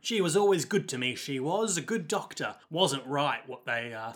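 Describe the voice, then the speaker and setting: A guy putting on an old Cockney village woman, high and gossipy, rambles on. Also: animated, moderate pace, a bit bright. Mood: sorrowful. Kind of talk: comic impression in casual chat.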